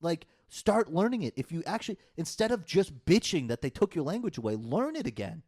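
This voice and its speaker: A man's voice: a little high, sing-song, fairly quick, a little mellow, husky. Ranting, profane man. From United States. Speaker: podcast co-host. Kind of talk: casual chat.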